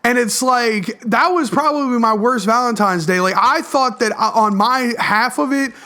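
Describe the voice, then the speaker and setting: Young male YouTuber, high voice, slangy and cussing, animated storytime over gameplay. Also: moderate pace.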